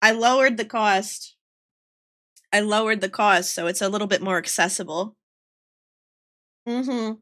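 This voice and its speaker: A woman's voice: medium pitch, measured pace, long pauses, pushed and bright. A young woman streaming casually while she draws, chatting playfully with her viewers. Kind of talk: casual livestream chat while drawing.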